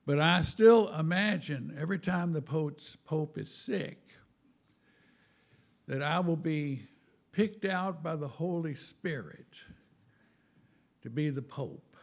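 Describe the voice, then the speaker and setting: A man giving a humorous spiritual talk in a wry, self-mocking way, halting and repeating words, with chuckles. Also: a little high, vocal fry. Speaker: spiritual speaker.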